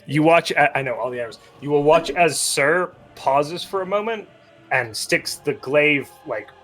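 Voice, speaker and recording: A man's voice: fairly high pitch, animated, unhurried, fairly bright tone, soft background music. A man playing in a tabletop game over a video call, describing his character's actions in loose, conversational narration. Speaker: player voicing a paladin.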